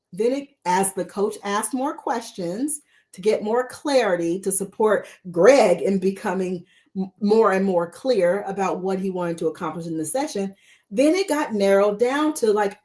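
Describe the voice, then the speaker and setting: A woman's voice: mid-range voice, moderate pace, warm tone. Woman coach asking repeated questions. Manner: repeats rhetorical questions to the audience. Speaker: mentor coach. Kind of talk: live-streamed coaching lesson.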